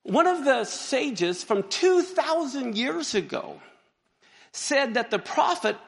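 Animated joking pastor, man, gravelly voice, preaching in a reverberant sanctuary. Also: very high-pitched, slow pace. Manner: animated, joking, exclaims and laughs often. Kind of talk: sermon. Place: church sanctuary. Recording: long hall reverb.

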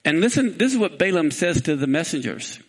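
A man preaching a sermon in a high, bright register that swings widely up and down. He keeps throwing rhetorical questions out to the congregation, animated and emphatic. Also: fairly quick, husky.

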